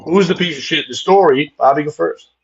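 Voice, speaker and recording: A man's voice: fairly high pitch, fast, creaky, a little hiss or hum. A man hosting a comedy podcast, rambling and cursing, laughing often at his own bits. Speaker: podcast host. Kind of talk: casual comedic chat. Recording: dull lo-fi sound.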